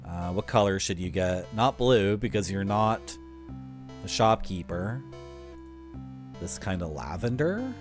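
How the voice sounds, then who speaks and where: A man's voice: sits low, expressive, measured pace, long pauses, faint music behind. A man streaming a video game and chatting casually, with wry asides to his viewers. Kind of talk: casual gameplay commentary.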